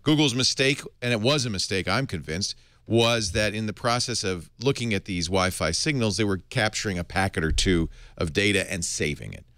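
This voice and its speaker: A man's voice: lowish voice, normal speed, few pauses, no room sound. A middle-aged man hosting a podcast, reading tech news in a casual, wry way. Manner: wry, animated, slips into comic voices. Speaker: podcast host.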